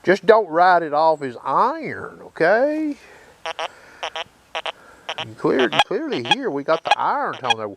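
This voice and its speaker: Gravelly folksy man demonstrating outdoors. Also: on the high side, sing-song, unhurried, long pauses, slight background noise, rough recording. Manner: folksy, keeps checking in with listeners. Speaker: metal detecting channel host. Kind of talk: hands-on demonstration. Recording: loud detector tones behind the voice.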